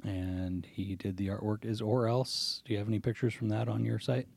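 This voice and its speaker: A man with a low, mellow voice co-hosts a podcast in relaxed, casual chat. He swears freely and laughs easily. The sound is dry and close. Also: normal speed, gravelly, slightly rough, dry recording. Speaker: podcast co-host.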